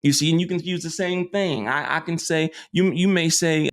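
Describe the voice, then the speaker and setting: Speaking at a fairly high pitch and normal speed with few pauses, a man gives an informal spiritual lecture on metaphysics. It rambles loosely, and he often restarts sentences and tacks "you see" onto them.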